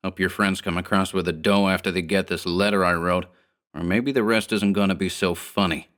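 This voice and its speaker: A slick, sneering gang boss firing off old gangster slang, harsh and scornful toward his men, as a man puts him on. Low-pitched and clipped, like an old pulp crime drama. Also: fairly even intonation, fairly quick, fairly bright tone, smooth. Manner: 1930s gangster slang, snarling.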